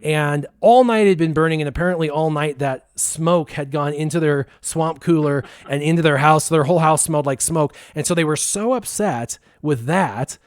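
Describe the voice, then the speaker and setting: A man casually telling a funny story, lively and laughing as he acts out the voices of the people in it. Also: fairly high pitch, moderate pace, hardly any pauses, dry recording, clean studio sound. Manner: animated, laughing, acts out quotes. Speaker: guest storyteller.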